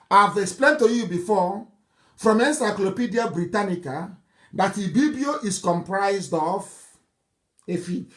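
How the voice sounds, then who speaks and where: A middle-aged political broadcaster with a Nigerian accent delivers a fiery live speech in a high, somewhat bright voice. He is mocking and scornful and keeps breaking into laughter.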